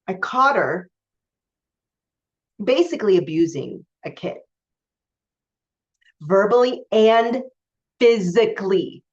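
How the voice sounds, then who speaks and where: A woman's voice: mid-range voice, lively intonation, slow pace, long pauses. A woman coaching spiritually, telling a personal story to camera in a candid, emphatic way with many fillers and restarts. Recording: dull lo-fi recording.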